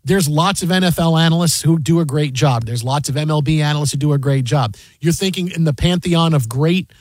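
Sports talk co-host, male, thirties; slightly husky, animated storyteller, acts out quotes. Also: a little high, fairly quick, dry recording. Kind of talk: casual radio chat.

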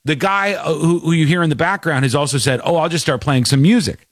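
A man's voice: fairly high pitch, brisk, no room sound. A man hosting a talk radio show, chatting casually and laughing as he mimics people in mocking quotes. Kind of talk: casual on-air commentary.

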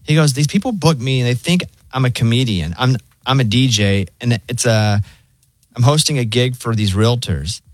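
A man's voice: mid-range voice, moderate pace, no echo. Dry-voiced man hosting a radio show. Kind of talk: casual morning show banter. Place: radio studio. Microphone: studio microphone.

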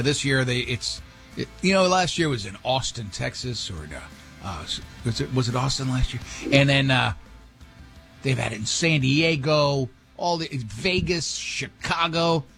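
A man's voice: medium pitch, a bit bright, slightly rough. A man hosting a radio show, telling stories in casual banter with many restarts. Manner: rambling storyteller, many restarts.

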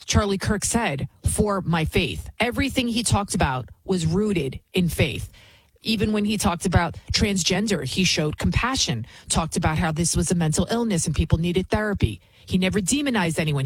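A woman's voice: medium pitch, slightly rough, no room sound, low-quality recording. A woman hosting a commentary show, talking in a heated, emphatic and repetitive ranting manner while introducing clips. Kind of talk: opinionated commentary.

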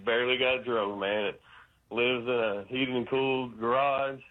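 A man's voice: mid-range voice, steady tone, normal speed. Casual southern guy from arkansas, arkansas accent, calling in, laid-back and friendly, tinny phone line sound. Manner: friendly, laid-back, lots of "man" and "you know". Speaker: caller. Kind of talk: casual phone call to a radio show.

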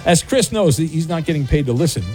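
A man's voice: fairly high pitch, expressive, quick pace, a little mellow, faint music behind. A man hosting a morning radio game show, joking and self-mocking, with lots of filler words.

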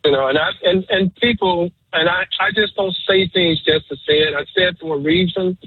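A man calls in to a radio show, emotional and preachy, repeating his message over and over. His husky voice sits slightly high, comes through a thin, phone-like line, and moves a little fast with no room sound.

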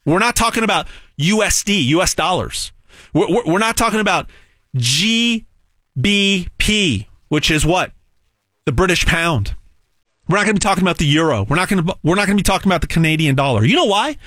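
High, lively fast-talking salesman. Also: no room sound, studio quality. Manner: emphatic, repetitive, salesy. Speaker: gold sales host. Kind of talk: pitch monologue to camera.

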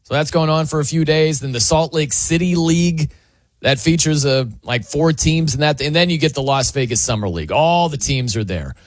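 A man hosting sports talk radio, chatty and animated, often laughing as he tells the story. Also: a little high, normal speed, dry recording. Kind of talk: casual sports talk monologue.

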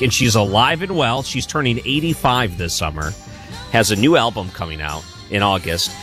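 A man's voice: on the low side, fairly bright tone. A man guest-hosting a late-night radio talk show, chatting casually and inviting callers. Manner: chatty, friendly asides. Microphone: studio microphone.

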